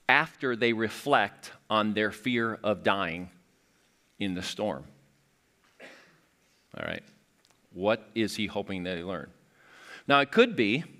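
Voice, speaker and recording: A man preaching a sermon as lead pastor, his voice bright and forward. He talks in a conversational way, correcting himself as he goes. His pitch swings up and down freely, and he slips into quoted voices with light laughs.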